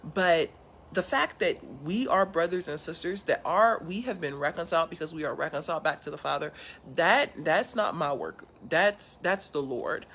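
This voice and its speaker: A woman's voice: low-pitched, expressive, moderate pace, a bit bright, a little hiss or hum. A woman from California chatting earnestly and casually to an online audience from her porch, with many fillers and restarts. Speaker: speaker sharing with an online audience. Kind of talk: casual live chat. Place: outdoor porch.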